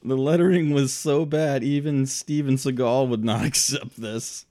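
A man's voice: medium pitch, fairly even intonation, a little slow, warm tone. A man co-hosting a casual reaction chat about a movie trailer, joking and laughing often.

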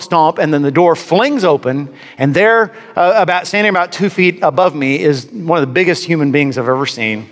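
A man's voice: fairly high pitch, a bit bright, big-room sound. A man preaching a sermon, telling a personal story with wry, self-deprecating humor. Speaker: pastor.

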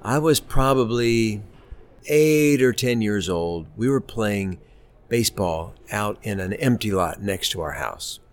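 A man telling a childhood story in an interview, in a measured and reflective way. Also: lowish voice, lively intonation.

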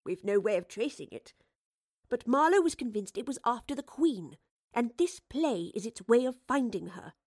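A troubled female scholar thinks aloud in an earnest, measured voice, as a woman reads her part. She sounds reflective and weighed down. The audiobook recording is dry and close. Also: on the high side, big pitch swings, darkish tone, no room sound. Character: thoughtful, troubled female time-traveling scholar.

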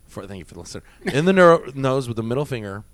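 A man's voice: mid-range voice, rapid-fire, dry recording. A man who worked as a nightclub bouncer, telling stories in a casual podcast chat, swearing often and acting out what people said. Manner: profane, animated, acts out quotes.

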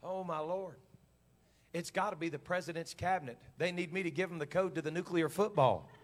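A man's voice: fairly high pitch, a little fast. A middle-aged man preaching a sermon as pastor, in a folksy, plain-spoken way full of repetition.

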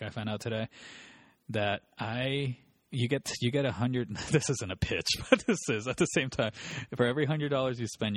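A man's voice: low voice, no room sound. A man telling rambling, profane work stories in casual chat. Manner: profane, rambling, animated storytelling.

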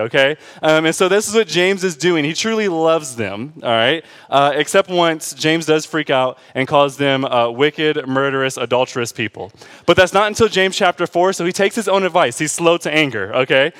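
A man's voice: a little high, moderate pace, fairly bright tone. A man preaching a conversational sermon, informal and joking, often checking in with the congregation with "right?" and "okay?". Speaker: pastor.

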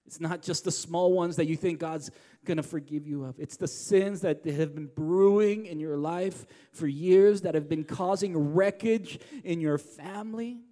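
High-voiced pastor preaching in a reverberant hall. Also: male voice. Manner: preachy, swings from loud to hushed. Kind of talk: sermon.

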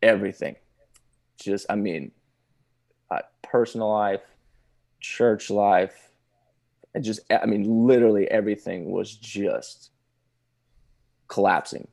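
A man, a pastor telling his personal testimony in casual conversation, halting with many restarts and laughing now and then. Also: on the low side, steady tone, creaky, a little mellow.

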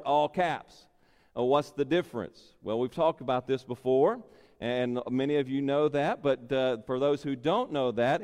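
A male pastor preaching a sermon, slow and emphatic, repeating key phrases and building in intensity. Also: medium pitch, a little mellow. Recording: long reverb in a large hall.

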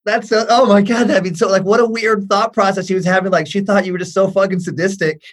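Guy in his 40s with a higher voice, excitable comic storytelling, cusses a lot. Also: fast. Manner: excitable, swears freely, acts out voices. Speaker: comedian guest.

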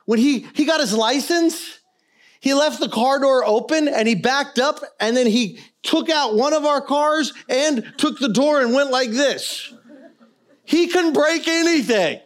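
A middle-aged man preaching a sermon as pastor, swinging between quiet earnest stretches and loud, impassioned ones. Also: very high-pitched, a little slow.

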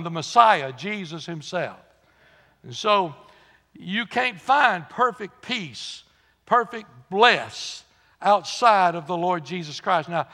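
Older pastor, high-pitched, folksy, emphatic; church hall reverb. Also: male voice, bright, forceful tone. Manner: folksy preaching with rising emphatic repetition. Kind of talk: sermon.

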